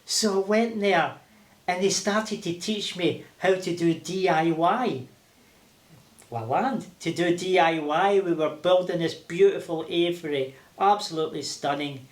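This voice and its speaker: An older man with a Glaswegian accent, telling lively stories with laughter as an interview guest. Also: high voice, unhurried. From Scotland. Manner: animated, laughing, acting out voices. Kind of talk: casual storytelling. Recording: roomy echo.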